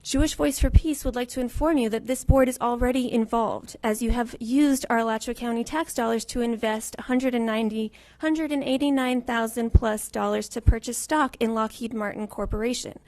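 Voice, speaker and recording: A woman giving a forceful, pleading public comment at a county commission meeting. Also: a little high, fairly quick, hardly any pauses.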